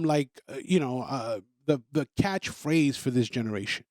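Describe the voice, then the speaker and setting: Emphatic high-voiced man ranting. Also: sing-song, moderate pace, hardly any pauses, no room sound, clean studio sound. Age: adult parent. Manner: emphatic, repetitive, stammers on restarts. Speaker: podcast host. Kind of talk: opinionated monologue.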